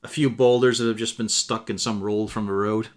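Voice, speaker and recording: A male game master narrating a tabletop adventure for a live stream. His delivery is dry and wry, with casual swearing, in a somewhat low voice. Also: steady tone, brisk.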